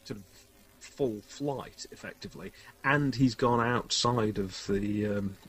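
A man's voice: fairly low pitch, a little slow, poor audio. A man narrating a tabletop role-playing game as game master, hesitant and rambling, joking about his own limits. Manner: rambling, hesitant, self-deprecating.

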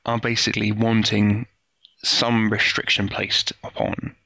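A man's voice: fairly low pitch, flat delivery, unhurried, vocal fry, pushed and bright, no room sound. A man acting as game master over a voice call, explaining the setting at length with many fillers and restarts. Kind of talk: casual tabletop game narration. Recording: lo-fi voice call audio.

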